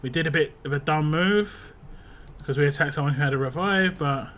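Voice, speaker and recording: A young man streams a game, chatting loosely and rambling between laughs, his voice a little rough from a drink. His tone is bright and forceful, pitched a touch high, with a casual, chatty flow. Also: fairly quick, slight background noise. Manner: rambling, chatty, laughs often, reads chat aloud. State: voice a bit rough after a drink. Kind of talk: casual live-stream chat.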